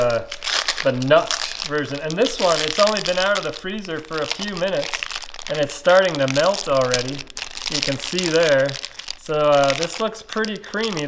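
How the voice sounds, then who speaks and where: A man, casually reviewing ice pops and thinking aloud with fillers and pauses. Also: a little high, background noise. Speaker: food reviewer.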